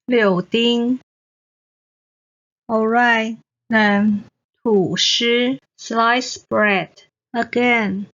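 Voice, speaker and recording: A woman's voice: fairly high pitch, fairly even intonation, drawn-out words, long pauses. A woman from Taiwan teaching Mandarin pronunciation, repeating each word twice with careful enunciation. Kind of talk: slow, deliberate pronunciation lesson. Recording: dull, muffled lo-fi recording.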